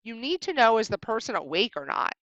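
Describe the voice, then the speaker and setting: A woman teacher narrating a recorded slideshow lesson, speaking expressively and pausing clearly at each punctuation mark. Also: a little high, no echo, low-quality recording. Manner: expressive, exaggerated pauses at punctuation. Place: indoors at home.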